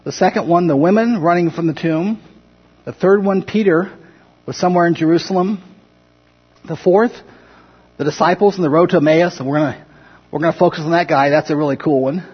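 Husky-voiced man teaching a Bible class. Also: a little high, brisk, long pauses, dull audio. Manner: conversational, paraphrases scripture with acted-out quotes, asks the class questions. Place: classroom or church room with a group.

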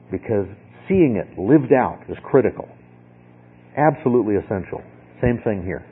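A man's voice: mid-range voice, breathy edge. A man teaching a Bible lesson in a conversational way, often checking in with "okay?". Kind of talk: sermon. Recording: tinny phone-like sound.

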